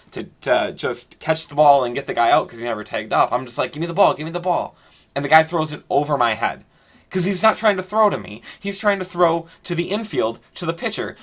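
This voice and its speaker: A man's voice: mid-range voice, a bit bright. A man casually telling a long, rambling story and talking over his gameplay, with many fillers and restarts. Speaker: gaming video creator.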